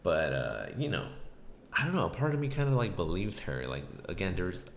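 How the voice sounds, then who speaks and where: Brief: very deep, gravelly male host, hesitant and reflective, in an echoey room. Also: sing-song, a little fast, slight background noise. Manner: hesitant and reflective, many restarts. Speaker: podcast host. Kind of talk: casual storytelling chat.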